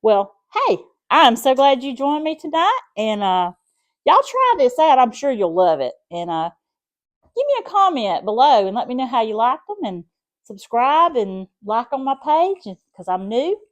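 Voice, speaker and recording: A woman's voice: a little high, sing-song, unhurried. A middle-aged woman with a South Alabama accent, chatting through a home cooking demonstration in a folksy, rambling way. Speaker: home cooking channel host.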